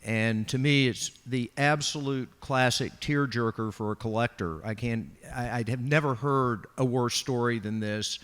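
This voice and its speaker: A man on a discussion panel telling an anecdote, animated and quick to act out each quote. His mid-pitched voice rings with a long reverb tail from a large hall. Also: clear, resonant tone. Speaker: panelist, art dealer. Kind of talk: storytelling anecdote.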